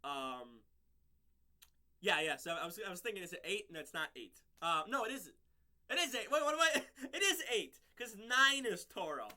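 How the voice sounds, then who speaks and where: A man's voice: high-pitched, very animated, normal speed, sharp tone. A man casually recapping and reviewing a show episode, rambling with lots of fillers and restarts and laughing at his own slips.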